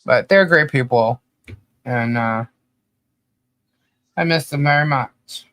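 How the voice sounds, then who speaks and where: A woman's voice: extremely low pitch, slow, fairly bright tone, dry recording. A woman co-hosting a podcast in casual chat, fondly and emotionally reminiscing and laughing often. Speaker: podcast co-host.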